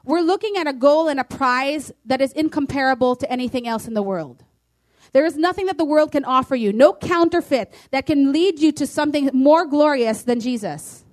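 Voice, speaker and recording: A woman's voice: high voice, normal speed. A woman pastor preaching a sermon, emphatic and declaring, reading scripture aloud.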